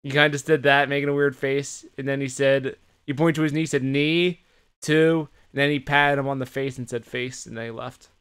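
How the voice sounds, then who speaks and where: A man co-hosting a podcast, swearing freely in an animated, casual recap of the week. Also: medium pitch, moderate pace, smooth. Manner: animated retelling, heavy swearing. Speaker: podcast co-host. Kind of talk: casual chat recapping wrestling.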